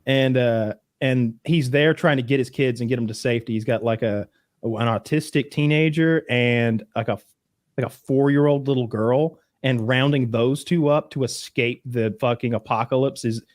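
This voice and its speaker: Dude on a podcast rambling through a movie story, swears a lot, dry sound. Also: male voice, mid-range voice, moderate pace, dry recording. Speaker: podcast co-host. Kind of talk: casual podcast chat.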